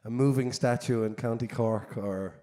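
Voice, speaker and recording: A man's voice: medium pitch, fairly even intonation, normal speed, warm tone. An Irish man, a singer-songwriter telling a rambling, self-deprecating story between songs at a live concert. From Ireland.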